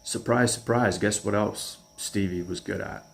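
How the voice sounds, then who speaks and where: A man's voice: lowish voice, fairly even intonation, measured pace, vocal fry. A man casually telling a personal story, rambling and chuckling as he goes. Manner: rambling, chuckling, restarts often.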